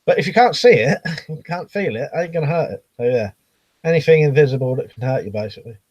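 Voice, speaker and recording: A man's voice: on the high side, lively intonation, fast talker, a little mellow, no echo. A man chatting casually on a live stream, rambling with lots of ums and restarts and reading viewer comments aloud.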